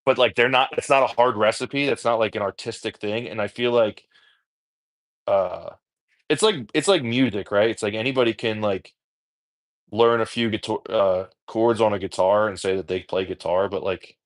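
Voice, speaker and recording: With a fairly low voice and a New Jersey accent, a man who makes home cooking content chats at a normal speed while doing food prep. He's rambling, self-deprecating and swears a lot. There is no echo.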